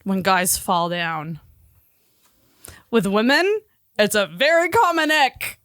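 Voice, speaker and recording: A woman's voice: medium pitch, expressive, slow, a bit bright, no echo, studio quality. A young woman co-hosting a podcast, chatting casually and animatedly with lots of filler words and laughter. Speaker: podcast co-host.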